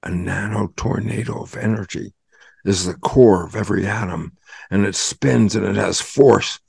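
A man's voice: lowish voice, fairly even intonation, moderate pace, vocal fry, darkish tone, husky, no echo. Older male guest, dramatic explainer who acts out his own conversations, dry mic. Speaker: guest scientist. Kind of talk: animated storytelling explanation.

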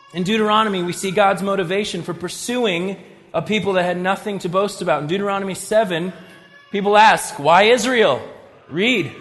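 High-voiced male preacher in a reverberant hall. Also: a bit bright. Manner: conversational preaching, retells scripture dramatically. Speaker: pastor. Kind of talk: sermon.

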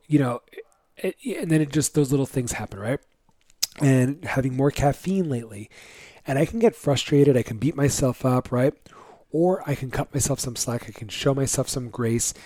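A man's voice: medium pitch, a little mellow, dry recording. A man hosting a fitness podcast for dads, talking casually with lots of fillers and acting out his own inner voice. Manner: keeps checking in with "right?". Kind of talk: solo podcast pep talk.

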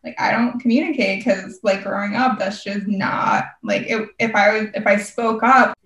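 A woman's voice: mid-range voice, steady tone, moderate pace, a bit bright. A young woman talking casually and rambling, saying "like" constantly as she tells a personal story. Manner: rambling, heavy use of "like". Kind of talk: casual chat. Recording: roomy, distant from the mic.

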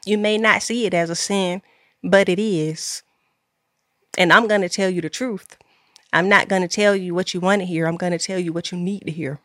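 A woman's voice: on the low side, steady tone, moderate pace, fairly bright tone, no echo, clean studio sound. A woman podcast host, giving an earnest faith-based talk to her listeners, repeating key lines with preacher-like emphasis.

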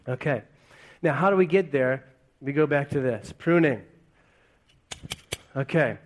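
A male pastor delivers a sermon in church, his voice sitting a little above the usual male range. He stays conversational, asking the room one rhetorical question after another.

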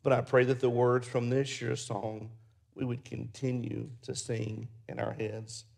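A man preaching a sermon, telling folksy stories and closing in soft prayer. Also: medium pitch, flat delivery, unhurried, gravelly. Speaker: pastor. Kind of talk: sermon with storytelling.

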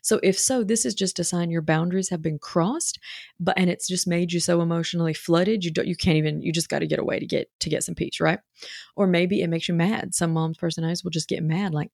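A woman's voice: lowish voice, steady tone, fast, gravelly, a little mellow, no room sound. Woman coaching moms, chatty n reassuring, lots of likes and ums, dry close sound. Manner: chatty, filler-heavy, reassuring. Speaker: parenting coach. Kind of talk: casual coaching talk.

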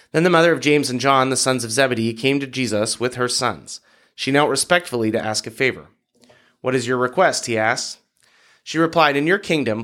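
A man reads Bible passages aloud in a mid-pitched voice, steady and measured. He lifts his voice briefly for shouted lines in the text. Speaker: podcast host reading scripture.

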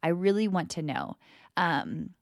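A woman's voice: fairly low pitch, measured pace, creaky, dry recording, studio quality. Candid, profane woman podcast host. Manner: candid, profane and animated, quoting herself in lively voices. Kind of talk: casual spiritual self-help monologue.

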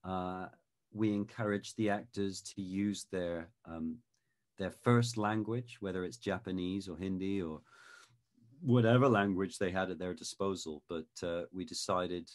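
Man, lowish voice, measured explainer, video call interview guest. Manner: thoughtful, measured explainer who demonstrates sounds. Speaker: guest expert on Shakespeare pronunciation.

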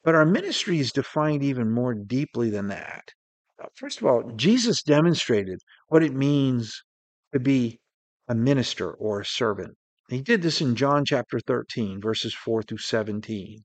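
Man, sermon, earnest, drawn-out emphasis, mid-pitched voice, dry close sound. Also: lively intonation, no room sound. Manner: earnest, slows down to stress key words. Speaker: preacher.

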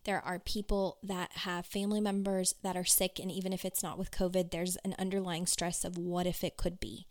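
A woman's voice: lowish voice, little pitch movement, normal speed. A young woman, a pediatric occupational therapist, talking earnestly and reflectively straight to the listener in a casual self-help talk.

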